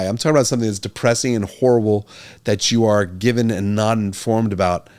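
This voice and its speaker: A middle-aged man talks straight to a camera as a doctor hosting his own show. He is earnest and emphatic and hammers his main points by saying them again. His voice sits a little low. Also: quick pace, a little mellow, clear, resonant tone. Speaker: physician and podcast host. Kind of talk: casual talk to camera.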